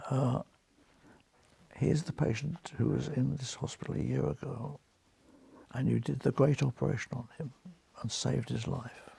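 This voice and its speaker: A man's voice: medium pitch, moderate pace, gravelly, husky. A British man in his nineties, a retired surgeon, telling anecdotes as an interview guest and acting out the voices in his stories. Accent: British English. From Britain. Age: 90s. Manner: lively raconteur, acts out quoted voices, chuckles.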